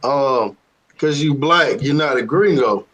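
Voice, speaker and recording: A man's voice: medium pitch, takes it slowly, fairly bright tone. A male host in casual chat, laid back, prompting his guest to explain.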